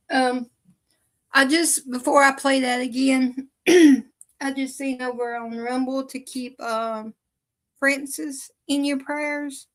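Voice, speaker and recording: A woman hosting an online show, chatting casually to viewers in an informal, folksy way with many pauses. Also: sits high, fairly even intonation, poor audio.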